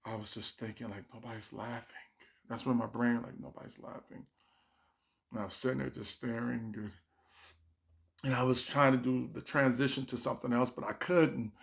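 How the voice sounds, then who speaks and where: A man telling a personal story as a stand-up comedian, animated and acting out the voices of the people in it. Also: mid-range voice, fairly quick, vocal fry. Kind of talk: storytime monologue.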